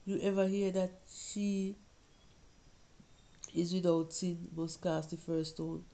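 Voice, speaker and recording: A woman's voice: on the low side, fairly even intonation, slow, mellow. Woman doing a scornful, taunting village girl. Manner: scornful, mocking. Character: sharp-tongued young village girl, taunting.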